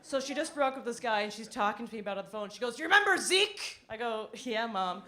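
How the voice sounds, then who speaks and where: On a club stage, a woman performs a stand-up comedy set, wry and self-deprecating, breaking into animated impressions. Her voice is fairly high-pitched and very fast.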